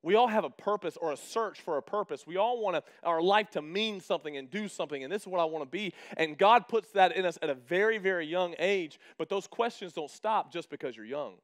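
A man's voice: high voice, fairly quick, hardly any pauses. A man in his thirties preaching a casual sermon as a pastor, chatty and humorous, acting out quoted exchanges in his stories.

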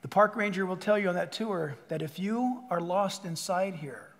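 A male pastor preaching a sermon, animated, acting out little voices and dropping to a hush for emphasis. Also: sits high, moderate pace. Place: church sanctuary. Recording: long hall reverb.

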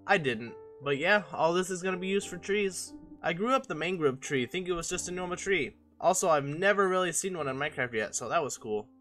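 Young guy joking thru his gameplay voice-over, kinda high, sharp clear tone. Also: lively intonation, a little fast, hardly any pauses, faint music behind. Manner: casual, joking, self-mocking. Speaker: gaming channel host.

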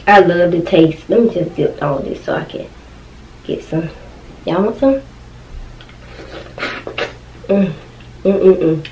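Recorded far from the mic in a roomy home setting with a little hiss or hum, a young woman speaks in a lowish, darkish voice. As a mukbang vlogger, she eats on camera with her kids close by, chatting casually about the food and tasting it with many appreciative "mm"s.

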